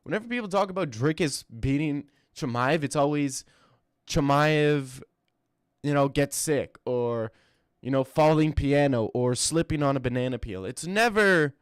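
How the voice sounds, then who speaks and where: A young man hosting a casual livestream Q&A, joking and reading chat aloud with quick asides. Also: on the high side, animated, clear, resonant tone, no room sound, clean studio sound. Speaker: streamer host.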